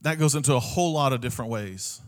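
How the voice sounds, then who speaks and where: A man's voice: mid-range voice, animated, quick pace. A male pastor preaching a sermon, repeating key phrases and often checking in with "Amen?" to the congregation.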